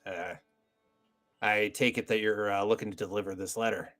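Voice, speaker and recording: A man's voice: on the low side, flat delivery, normal speed, a bit bright, faint music behind, natural voice. A man voicing a weathered farmer who talks in a subdued drawl. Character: weathered farmer, man, eager fighter held back.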